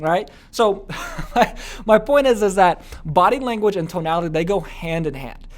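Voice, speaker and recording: A man's voice: high-pitched, normal speed. A man teaching an online course in a casual, chatty way, full of fillers and frequent "okay?" asides. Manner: acts out little quoted scenes.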